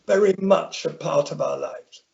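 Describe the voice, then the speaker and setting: Older man, from Northern Ireland, very gravelly, high-pitched, dull lo-fi sound. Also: moderate pace, darkish tone, a little hiss or hum. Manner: rambling anecdotal, self-correcting restarts. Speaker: interview guest. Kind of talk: conversational storytelling. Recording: dull lo-fi audio.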